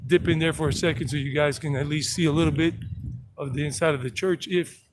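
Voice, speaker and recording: A man's voice: fairly high pitch, fairly even intonation, quick pace. A man giving a casual walking tour on a live stream, chatty and full of joking asides, outdoors in town streets. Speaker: travel vlogger. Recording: noisy street with traffic. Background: street noise and vehicles.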